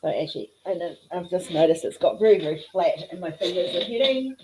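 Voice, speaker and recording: A woman's voice: on the low side, expressive, quick pace, darkish tone, a little hiss or hum, rough recording. An Australian woman hosting a craft livestream, chatting casually and rambling as she works on a piece. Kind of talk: casual chat while crafting.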